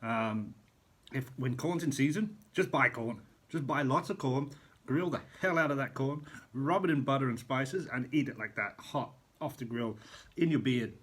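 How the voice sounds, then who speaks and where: A man's voice: mid-range voice, moderate pace, a bit bright, breathy edge. A middle-aged man, a chef, chatting casually in a vlog from a hotel room, rambling and eating as he talks. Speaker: chef vlogger.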